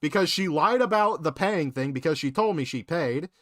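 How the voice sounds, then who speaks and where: Junger Mann, der fluchend Anekdoten erzählt. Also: male voice, on the high side, moderate pace, no room sound, clean studio sound. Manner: profane, animated storytelling. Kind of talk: casual storytelling.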